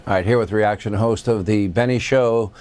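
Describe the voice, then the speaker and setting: A man's voice: fairly low pitch, steady tone, moderate pace, darkish tone, a little hiss or hum. Chuckling man hosting a news show. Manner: chatty, chuckling asides. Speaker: news talk show host. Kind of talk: cable news commentary.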